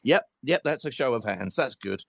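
A man's voice: mid-range voice, animated, moderate pace, vocal fry, dry recording, clean studio sound. A man hosting a football fan phone-in, chatty and self-mocking, reading out listener messages with sweary banter. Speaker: fan podcast host. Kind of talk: casual football phone-in chat.

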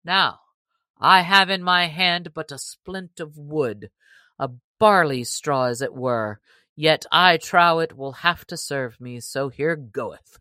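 A woman reading aloud and voicing a big, hearty male yeoman who is slow to anger, speaking in booming old-fashioned English. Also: bright, forceful tone, no room sound, full character voice. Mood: scornful.

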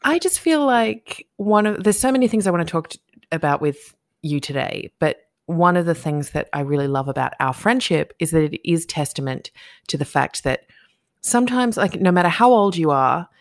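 A woman hosting an interview podcast, talking quietly and chattily with a friend. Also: animated, moderate pace, dry recording, studio quality. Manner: quiet and low, speaking softly at night. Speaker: podcast host. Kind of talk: conversational interview.

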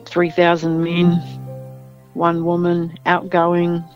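Woman recounting in a flat, quiet tone. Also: fairly low pitch, slow pace. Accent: Australian. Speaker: interviewee. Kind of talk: personal testimony. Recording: dull lo-fi sound with music bed.

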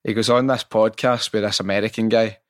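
A man hosting a casual interview, telling stories in an animated, sweary way. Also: lowish voice, fairly quick, dry recording, clean studio sound. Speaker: podcast host.

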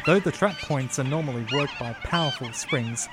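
A man reading a children's railway story in a slow, measured storytelling manner. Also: mid-range voice, animated, heavy background noise. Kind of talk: scripted storybook narration. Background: music.

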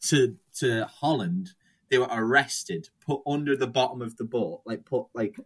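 A young man tells a rambling anecdote in casual chat, swearing freely and slipping into the voices of the people in the story. His voice sits at an ordinary middle pitch. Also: normal speed, husky.

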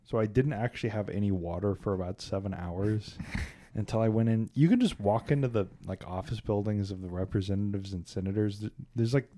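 A man from Kansas City with a lowish, mellow voice chats on a podcast. His delivery rambles, wry and irreverent. The sound is dry and close. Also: brisk, dry recording. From Kansas City, USA. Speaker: podcast co-host. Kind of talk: casual podcast chat.

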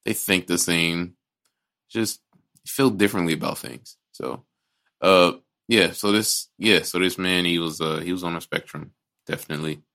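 Deep-voiced man rambling in blunt podcast chat. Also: fairly even intonation, normal speed, creaky, bright, forceful tone. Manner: rambling, restarts a lot, blunt and profane. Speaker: podcast co-host. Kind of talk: casual movie chat.

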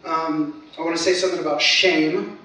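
A man's voice: a little high, fairly even intonation, moderate pace, bright, forceful tone, slight background noise. A young man preaching a sermon as a pastor, in an earnest, conversational way with frequent restarts. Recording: echoey hall, heard from a distance.

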